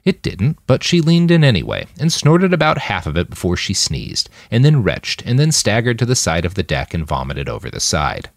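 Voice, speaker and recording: A man narrating his own fiction podcast in an expressive, scripted reading. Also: on the low side, normal speed, vocal fry, few pauses, dry recording, clean studio sound.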